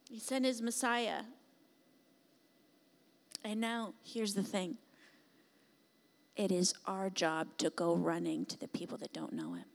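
A woman preacher delivering a sermon with a mid-range voice. She swings between fervent, raised passages and hushed, pleading invitations to her listeners. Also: mid-range voice, lively intonation, slow pace, vocal fry, long pauses. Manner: builds to impassioned shouting, then drops to soft pleading. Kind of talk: sermon with altar call.

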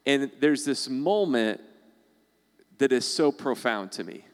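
A man's voice: mid-range voice, animated, takes it slowly, pauses often, clean tone, in a large hall. A man preaching a sermon as pastor, in a conversational way, acting out the voices of the people he quotes.

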